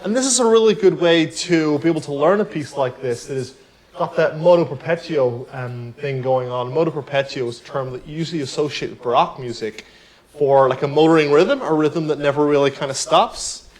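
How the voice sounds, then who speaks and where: A man giving a piano tutorial, explaining technique in a relaxed, explanatory way. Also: fairly high pitch, fairly quick, low-quality recording. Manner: relaxed, explanatory, counts beats aloud while playing. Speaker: piano teacher. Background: piano playing.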